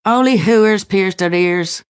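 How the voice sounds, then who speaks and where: A man voicing a scornful middle-aged mother in a memoir reading, sharp, emphatic and drawn out. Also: sits high, slow pace, clear, resonant tone, pitched above the performer's own voice.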